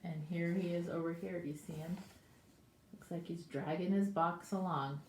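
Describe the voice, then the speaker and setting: A woman as a preschool teacher reading a picture book to young children and asking them questions, in an animated way. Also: lowish voice, moderate pace, a little hiss or hum. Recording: echoey room.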